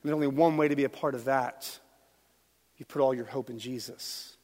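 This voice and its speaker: A middle-aged man preaching a sermon as pastor, swinging from quiet talk to loud shouts. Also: medium pitch, fairly even intonation, brisk. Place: church hall. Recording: long hall reverb.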